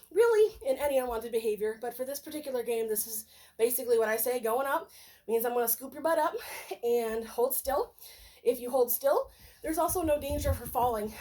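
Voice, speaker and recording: A woman with a high voice talks through a dog-training session in a loose, conversational way. She explains each step and now and then switches to cheerful sing-song praise for the puppy. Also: darkish tone. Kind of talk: casual training demonstration.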